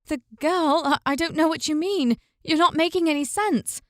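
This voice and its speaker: A woman's voice: high voice, normal speed, no echo, studio quality, pitched above the performer's own voice, natural voice. Woman voicing an insistent young heroine. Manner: urgent, insistent questioning. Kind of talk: audiobook character voice.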